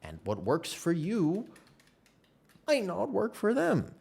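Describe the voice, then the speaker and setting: A man live streaming a game, telling a long story in a casual, animated way with many restarts. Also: high-pitched, takes it slowly, gravelly, husky. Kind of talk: casual chat while playing a game.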